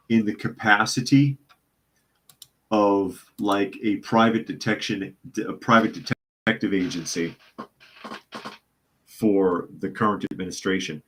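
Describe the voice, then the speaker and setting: A man's voice: fairly low pitch, measured pace, pauses often, fairly bright tone. A man hosting a live news podcast, reading out reports and chat comments and answering them with sardonic remarks. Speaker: podcast host.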